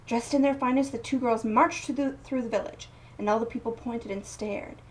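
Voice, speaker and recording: A woman reading a picture book aloud in a slow, expressive storytelling manner. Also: fairly high pitch. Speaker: storybook reader. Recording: voice a bit distant from mic.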